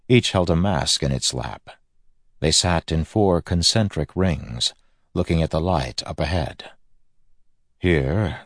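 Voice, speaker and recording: A man narrating a fantasy audiobook in a measured, grave manner. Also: a bass voice, breathy edge, dry recording, studio quality.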